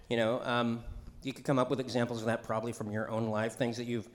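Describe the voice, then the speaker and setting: A middle-aged male pastor delivers a loose, conversational sermon in a church. He jokes, wanders into asides and calls out to the congregation for responses, with a voice of ordinary pitch. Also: flat delivery, fast, few pauses, roomy sound, slight background noise. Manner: chatty and joking, with asides and call-and-response. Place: church sanctuary.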